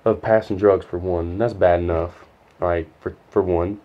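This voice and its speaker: A man's voice: sits low, fairly even intonation, normal speed, lo-fi sound. A young man telling a heated, profane story in a casual storytime. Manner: profane, rambling, heated retelling.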